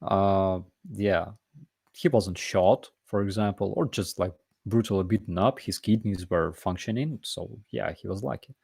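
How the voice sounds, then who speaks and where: A man's voice: low voice, a little slow, vocal fry, darkish tone, husky, dry recording. A man from Ukraine with a Ukrainian accent, hosting a live Q&A chat in an emphatic, conversational way. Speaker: host.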